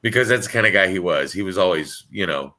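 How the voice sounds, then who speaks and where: A man on a video call telling a personal story in a halting, casual way, often repeating words as he starts. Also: sits low, animated, sharp tone. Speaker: caller sharing a story.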